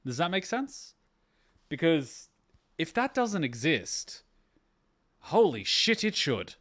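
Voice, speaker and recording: Brief: excitable reaction host, man, slightly high voice, casual and sweary, rambles between bursts of enthusiasm. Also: slow pace. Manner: excitable, swears freely, tells rambling anecdotes.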